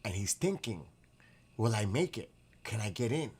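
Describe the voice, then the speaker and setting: A man with a fairly low, slightly rough voice hosts a casual livestream at a moderate pace. He chats and reacts to viewer comments, excitable and full of exclamations and laughter.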